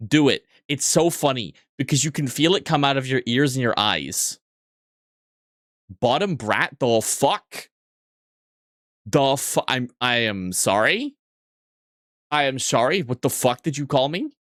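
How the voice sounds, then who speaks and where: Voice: mid-range voice, fairly bright tone, dry recording, studio quality. A streamer chatting casually with viewers, joking crudely, swearing often and rambling through restarted sentences. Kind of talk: casual livestream chat with viewers.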